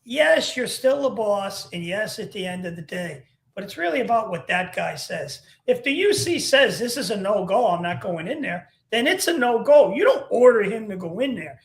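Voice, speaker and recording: Man, very high voice, animated storyteller, echoey room. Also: normal speed, creaky, few pauses. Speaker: podcast host, former undercover agent. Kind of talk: podcast conversation.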